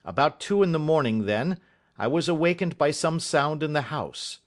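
A man narrating a first-person audiobook in a measured, dramatic storytelling manner. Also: on the high side, lively intonation.

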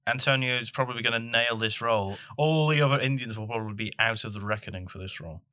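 A man's voice: medium pitch, fast talker, bright, forceful tone. A man co-hosting a comedy podcast, with dry, laid-back banter. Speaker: podcast co-host.

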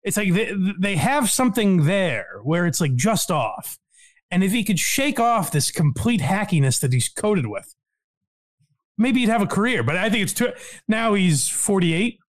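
A man's voice: high-pitched, big pitch swings, unhurried. A man hosting a casual podcast, talking in a wry, sarcastic way. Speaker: podcast host.

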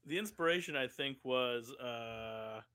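A man's voice: mid-range voice, measured pace, pushed and bright, smooth, no room sound. A man co-hosting a podcast in casual chat, goofy and full of jokey asides. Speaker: podcast co-host.

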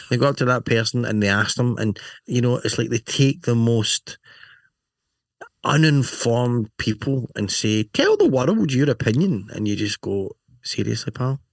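A man's voice: mid-range voice, dry recording. A man, chatting on a podcast as co-host. He rambles through bike news with self-mocking jokes, and the recording is dry and close. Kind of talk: casual banter reading bike news.

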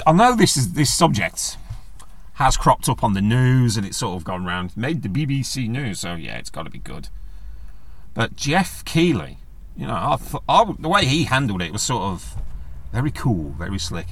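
A man's voice: lowish voice, sing-song, normal speed. A man with a sweary, sarcastic manner, ranting casually in a vlog. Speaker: vlogger. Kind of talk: casual rant.

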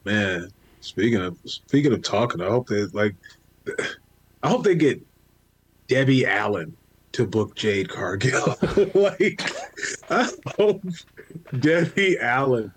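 Guy on a podcast telling wrestling stories, gets loud and excited, casual. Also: takes it slowly, long pauses, breathy edge, no room sound. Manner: animated storyteller, jumps high for quoted asides. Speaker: podcast co-host. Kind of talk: casual chat.

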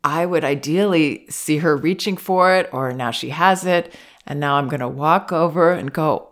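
A woman giving calm, measured parenting advice, gently acting out what children and parents might say. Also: sits low. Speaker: parenting advisor.

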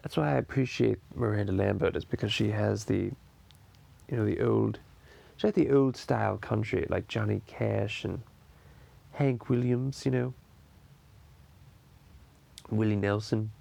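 A man's voice: lowish voice, unhurried, gravelly, long pauses, warm tone. A man in his thirties hosting a podcast in casual chat, rambling with lots of restarts and free swearing. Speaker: podcast host.

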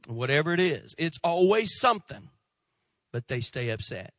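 Animated male pastor, high and bright, storytelling sermon. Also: moderate pace, no room sound.

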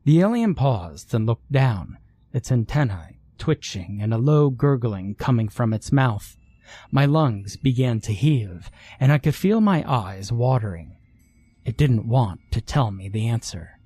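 Slow, husky male horror narrator. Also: medium pitch, very animated, mellow, no room sound, faint music behind. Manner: measured first-person storytelling. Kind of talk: scripted horror story narration.

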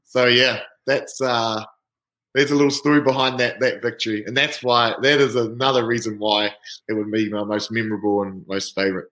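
A man, a rugby player guest telling an animated story in casual chat. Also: medium pitch, moderate pace. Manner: lively, animated anecdote-telling. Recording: roomy echo.

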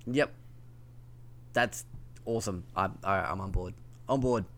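Low gravelly man with a lisp. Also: unhurried, fairly bright tone. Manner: loose, rambling, lots of ums and likes. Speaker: podcast host. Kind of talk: casual gaming news chat.

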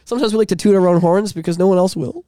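A Canadian man co-hosting a podcast, talking in a rambling, excitable way with plenty of swearing. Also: high-pitched, very fast, dry recording, clean studio sound. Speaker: podcast co-host. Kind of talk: casual chat.

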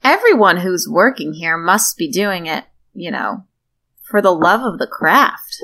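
A woman's voice: on the low side, very animated, a little slow, bright, forceful tone. Playful woman chatting at a tabletop game, easygoing. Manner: playful, laughs easily. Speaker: player. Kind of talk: casual chat.

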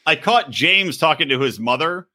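A man's voice: on the high side, lively intonation, normal speed, sharp tone. A man in his thirties co-hosting a casual, sarcastic reality TV podcast, swearing freely. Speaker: podcast co-host. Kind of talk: casual comedic chat.

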